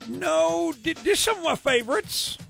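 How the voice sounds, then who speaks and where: A man's voice: very high voice, lively intonation, unhurried, creaky, fairly bright tone, soft background music, full character voice. A male radio host putting on the voice of a chatty, nosy retired mail carrier in a prank call, rambling and hesitant. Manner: rambling, hesitant, mock-aggrieved. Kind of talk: prank phone call bit.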